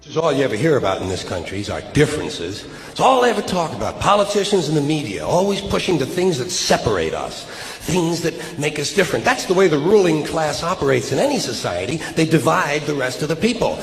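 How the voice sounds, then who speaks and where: A man's voice: fairly high pitch, very animated, fairly quick, faint music behind. A man doing a profane, sardonic stand-up rant. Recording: echoey hall with faint ambience.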